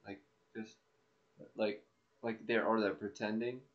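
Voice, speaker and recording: A man's voice: lowish voice, little pitch movement, a little slow, crowd noise. A man hosting a podcast in casual chat, rambling with many restarts and fillers. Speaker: podcast host. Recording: dull lo-fi recording.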